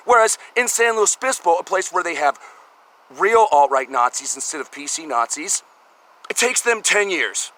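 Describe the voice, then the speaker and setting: A man's voice: high-pitched, big pitch swings, a little fast, bright, forceful tone, poor audio. A middle-aged man delivering a profane, sarcastic comedic rant, exasperated and blunt. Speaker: vlogger.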